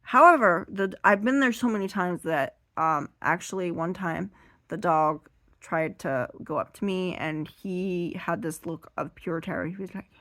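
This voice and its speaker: A woman telling a rambling, self-deprecating stand-up story while seated, now and then bursting into loud high acted voices, her voice a little strained. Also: a little slow, no room sound. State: strained voice from being too loud. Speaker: stand-up comedian.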